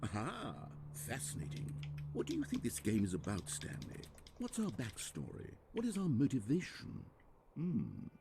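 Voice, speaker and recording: A man's voice: mid-range voice, huge pitch swings, moderate pace, vocal fry, background noise. A man playing a dry, sarcastic narrator in a video game, speaking with mock-earnest irony. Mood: mock-fascinated. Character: wry, sarcastic male game narrator, middle-aged.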